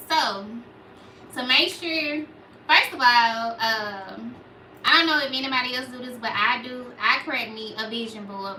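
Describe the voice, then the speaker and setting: Young Memphis woman, Southern accent, small, very bright and ringing voice, casual livestream chatter heard a little off-mic in an echoey room. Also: on the high side, distant mic, a little hiss or hum. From Memphis, Tennessee. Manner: chatty, reads out viewer comments. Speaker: livestream host. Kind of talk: casual livestream chat with viewers.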